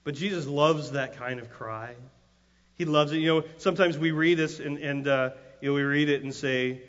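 A man's voice: a little high, moderate pace, fairly bright tone. Preaching man in an echoing church hall. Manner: conversational storytelling with frequent restarts, rising to emphatic cries. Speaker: pastor. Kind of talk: sermon. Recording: long hall reverb, dull lo-fi sound.

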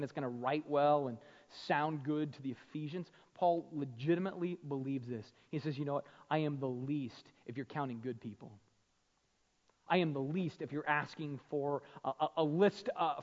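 A male pastor preaching with passion, his fairly high voice rising and falling between hushed emphasis and loud fervor. The sound is a little muffled, and a long reverb trails each phrase through a large hall. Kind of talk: sermon.

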